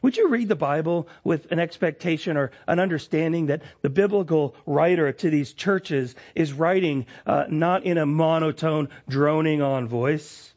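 Pastor, male, higher voice, lively preaching swinging emphatic to hushed; lo-fi church recording. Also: moderate pace, hardly any pauses. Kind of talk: sermon. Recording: lo-fi dull sound.

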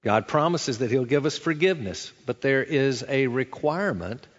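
A man's voice: medium pitch, lively intonation, moderate pace, lo-fi sound. Man preaching in a big echoing hall. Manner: folksy preaching with storytelling and acted-out quotes. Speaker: pastor. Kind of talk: sermon.

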